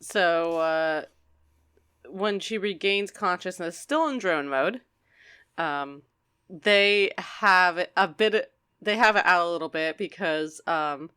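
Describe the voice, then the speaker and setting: A woman's voice: takes it slowly, pushed and bright, smooth. A woman co-hosting a podcast, playfully recapping a cartoon and acting out the characters' lines. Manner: playful, acts out quoted lines with big pitch jumps. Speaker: podcast co-host. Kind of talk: casual chat recapping a cartoon.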